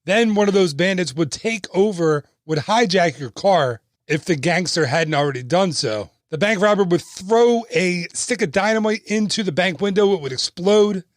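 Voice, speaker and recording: A man's voice: sits high, animated, normal speed, hardly any pauses, dry recording, studio quality. Chatty man telling park stories. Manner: chatty, laughs at himself. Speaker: podcast host. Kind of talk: casual storytelling narration.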